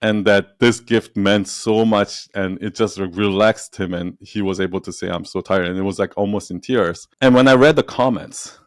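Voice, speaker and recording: A man's voice: on the low side, moderate pace, few pauses, dry recording, clean studio sound. A man speaking as a guest in a casual interview, telling stories animatedly, acting out quotes and laughing often. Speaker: podcast guest, entrepreneur and storyteller.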